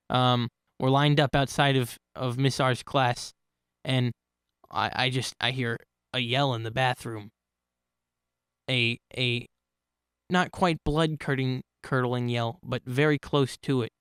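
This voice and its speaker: A man's voice: mid-range voice, level tone, slow pace, fairly bright tone, clean tone, no echo, clean studio sound. A man telling personal stories in a casual, rambling way, often restarting and correcting himself. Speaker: channel host telling stories. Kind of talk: casual spoken storytelling.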